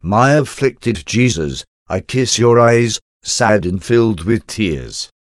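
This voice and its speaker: A man giving a slow, solemn, reverent devotional prayer reading. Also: fairly low pitch, animated, no room sound, studio quality. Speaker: devotional reader.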